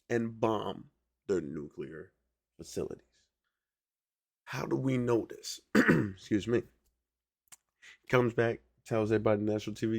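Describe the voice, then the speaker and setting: Male podcast host, low and gravelly, talks loose and slangy, keeps pulling the listener in. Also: no echo, clean studio sound. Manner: conversational, keeps asking "right?" to the listener; slangy, drawling delivery. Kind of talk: casual solo commentary.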